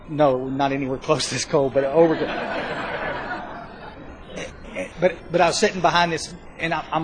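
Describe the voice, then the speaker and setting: A man telling his recovery story to a live audience, rambling and self-mocking, with bursts of loud emphasis. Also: on the high side, slight background noise, poor audio. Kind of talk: spoken testimony to a live audience.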